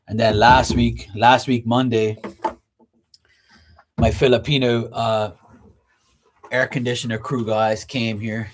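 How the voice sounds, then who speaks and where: A man's voice: mid-range voice, level tone, moderate pace, pauses often, a little hiss or hum. A man telling stories in a loose, slangy, rambling way while washing dishes at home. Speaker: vlogger.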